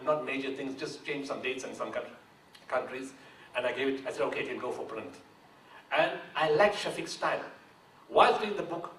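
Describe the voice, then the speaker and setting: Earnest man, slightly high voice, speech heard from afar in a roomy hall. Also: fairly bright tone. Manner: earnest, rising to emphatic declarations. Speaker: founder of the charity, speaking at a book launch. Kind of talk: public speech. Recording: echoey hall from a distance, faint noise.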